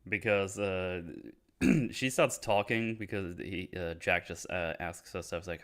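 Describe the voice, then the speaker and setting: A man's voice: sits low, fairly even intonation, measured pace, a bit bright. A man casually discussing a horror movie with friends, full of fillers and retold scenes. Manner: hesitant, many fillers, retells scenes. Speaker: podcast host.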